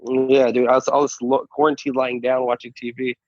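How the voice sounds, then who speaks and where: This man, a stand-up comedian born in Saudi Arabia who later moved to the U.S. and whose first language is Arabic, chats casually as an interview guest. His mid-range voice is brisk and level in tone, with frequent stammers, restarts and swearing. The audio is dull, lo-fi and free of room sound.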